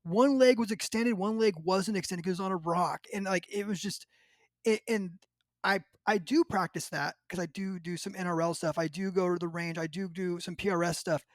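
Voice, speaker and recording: A male podcast host telling a hunting story in casual chat, animated and acting out what people said, often laughing. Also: sits high, normal speed, dry recording.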